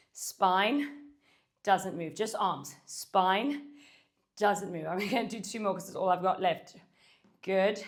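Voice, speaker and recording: A woman instructor cueing and counting Pilates moves while she does them, out of breath and sighing between cues. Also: medium pitch. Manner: counting reps and cueing form while moving, breathy sighs. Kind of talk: workout instruction while exercising. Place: home studio.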